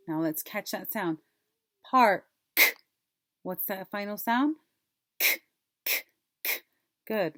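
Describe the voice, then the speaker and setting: A woman teacher leading a phonics lesson for young children, modeling words slowly and clearly and asking them to repeat. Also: fairly low pitch, dry recording, clean studio sound. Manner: slow, clear, drawn-out word modeling with repeat prompts.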